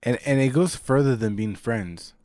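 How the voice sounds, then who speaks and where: A man in a casual podcast chat who makes his points bluntly and plainly, with a bit of swearing. His voice sits at an ordinary middle pitch. The recording is dry and close. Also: normal speed, a little mellow, dry recording. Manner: blunt, matter-of-fact. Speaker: podcast co-host.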